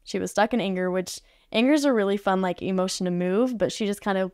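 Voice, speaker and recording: Chatty woman on a podcast, smooth clear voice, says like a lot, dry close sound. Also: medium pitch, fast talker, a little mellow, no echo. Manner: chatty, peppered with "like" fillers. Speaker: podcast guest, art facilitator. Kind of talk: casual storytelling. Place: podcast studio.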